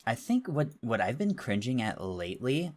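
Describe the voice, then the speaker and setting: A man in his thirties, co-hosting a podcast, airing strong opinions in animated casual rants. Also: mid-range voice, moderate pace. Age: 30s. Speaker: podcast co-host. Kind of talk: casual chat.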